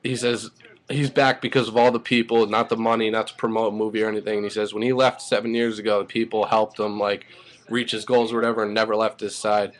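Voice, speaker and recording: A man with a fairly low voice runs through a wrestling show recap in a loose, rambling way. He stumbles through restarts and fillers and curses freely. He gets openly worked up as he talks. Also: fast. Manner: rambling, excitable, swears freely. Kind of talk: casual spoken recap.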